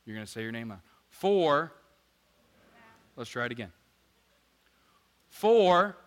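A man preaching a sermon as pastor, energetic and joking, swinging between loud emphasis and quiet asides. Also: medium pitch. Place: church sanctuary. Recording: church hall reverb with faint guitar.

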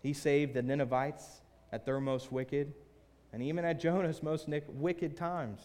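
A man's voice: fairly high pitch, fairly even intonation, measured pace. Earnest man preaching in a reverberant hall. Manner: earnest, swings from hushed to emphatic. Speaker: pastor. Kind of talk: sermon with personal testimony and prayer. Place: church sanctuary.

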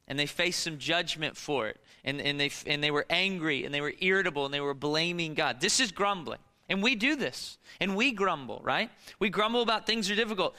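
A man's voice: sits high, animated, a little fast, pushed and bright, big-room sound. A man preaching a sermon as pastor, emphatic and asking the congregation rhetorical questions. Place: church.

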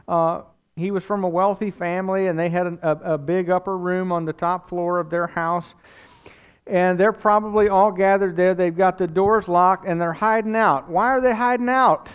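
A man preaching a sermon as pastor, telling the story in a conversational, animated way with casual asides. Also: sits high, normal speed, smooth, highs cut off.

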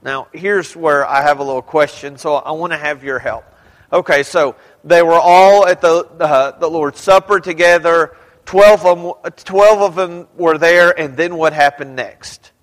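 A man's voice: on the high side, unhurried. A man preaching a sermon, reading scripture aloud and asking his congregation questions as he explains it. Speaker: pastor. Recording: long hall reverb.

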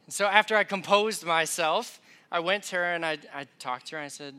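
A young male preacher delivers a sermon with a conversational, self-deprecating storytelling touch. His voice sits high for a man and rings bright and forward. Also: a little fast, smooth.

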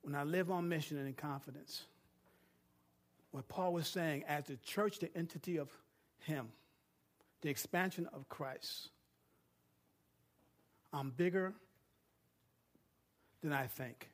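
A man preaching a sermon, rising from quiet talk to shouting and asking the congregation to call back answers. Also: on the high side, slow, long pauses. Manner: builds from quiet to shouting, call-and-response questions. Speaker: pastor.

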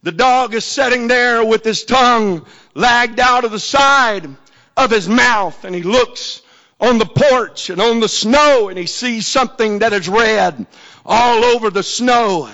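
A man preaching a sermon, telling a story slowly and building to shouted climaxes. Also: extremely high pitch. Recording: dull lo-fi recording.

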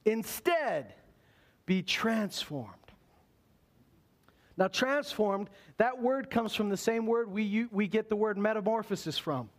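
High-voiced man preaching a sermon. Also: animated. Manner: earnest preaching, slows down on scripture quotes, conversational asides. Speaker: pastor.

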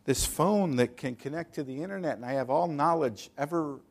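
A man's voice: fairly high pitch, moderate pace. A man preaching a sermon, emphatic, asking the congregation rhetorical questions and mocking attitudes in quoted voices.

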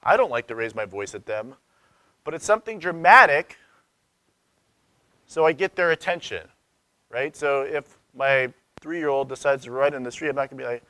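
A man's voice: medium pitch, expressive, moderate pace, long pauses, no echo. Conversational pastor man, dry sound. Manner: conversational, searching, with rhetorical questions and sudden loud emphasis. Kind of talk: sermon.

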